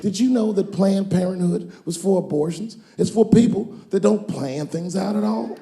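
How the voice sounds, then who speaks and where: A middle-aged man doing profane, animated stand-up storytelling on stage before a live audience. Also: high voice, moderate pace, gravelly, a little hiss or hum. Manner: animated, profane, acts out voices. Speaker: stand-up comedian. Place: comedy stage before a crowd. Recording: live club set with loud audience.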